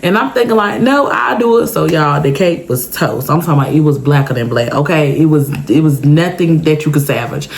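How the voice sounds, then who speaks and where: A woman casually telling a personal story to her viewers in a chatty, animated way, often checking in with "okay?". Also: a little fast, hardly any pauses. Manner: big pitch jumps for emphasis. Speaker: storytime vlogger.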